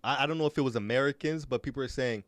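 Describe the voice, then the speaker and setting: A young Canadian man hosts a podcast with a medium-pitched voice in a dry recording. He talks casually and haltingly, often repeating his words while telling stories.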